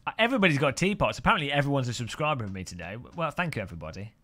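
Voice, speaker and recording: A man's voice: medium pitch, very animated, very fast, sharp tone. A man streaming sim racing, chatting and joking with viewers and often laughing. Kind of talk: casual live-stream commentary while sim racing.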